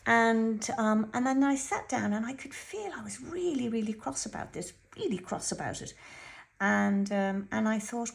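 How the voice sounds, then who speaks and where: A woman's voice: mid-range voice, expressive, normal speed, vocal fry. A woman giving an earnest, chatty weekly tarot reading and telling a personal story, often repeating herself. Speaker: tarot reader.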